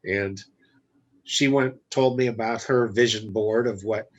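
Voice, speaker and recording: A man's voice: fairly low pitch, a little slow, lo-fi sound. A man, a business guest, telling a personal story in a casual interview, bluntly acting out the dialogue. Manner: blunt, animated retelling with quoted dialogue. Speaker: guest entrepreneur.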